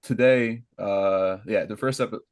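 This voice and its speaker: A man's voice: on the low side, a little slow, clear, resonant tone, dry recording. A young American man co-hosting a casual podcast, rambling and correcting his own slips with a laugh. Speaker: podcast co-host.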